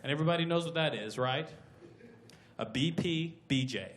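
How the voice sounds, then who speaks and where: A man performing a stand-up comedy routine on a club stage, talking in excitable loud bursts and putting on voices for his characters. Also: fairly high pitch, moderate pace. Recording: roomy live club sound, crowd laughter.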